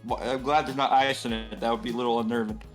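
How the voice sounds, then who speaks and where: A tabletop player speaking in character, with a wry, drawling delivery. His pitch is average, and faint music plays underneath. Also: steady tone, fast talker.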